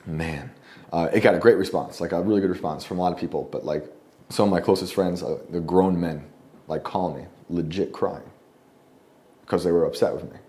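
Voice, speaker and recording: A man guest telling a story in casual conversation at a home lunch table, rambling with many fillers and often clearing his throat. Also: low-pitched, a little fast, dark tone. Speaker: guest journalist.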